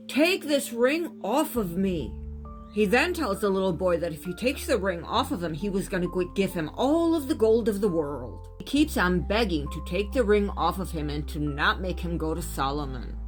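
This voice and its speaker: Animated woman retelling a legend. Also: medium pitch. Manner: casual, animated retelling with modern asides. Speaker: storyteller.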